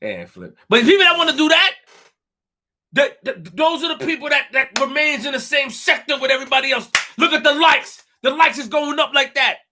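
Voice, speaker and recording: A young man hosts a live stream in a fired-up rant, boasting emphatically, repeating phrases and tripping over words. His voice is very high, sharp and fairly quick, with a little hiss or hum.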